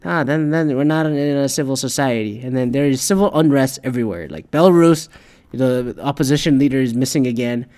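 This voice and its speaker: A man's voice: medium pitch, fairly quick, a little mellow, clear, resonant tone. A man ranting in a casual, profane, rambling monologue, full of restarts and swearing. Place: Detroit area.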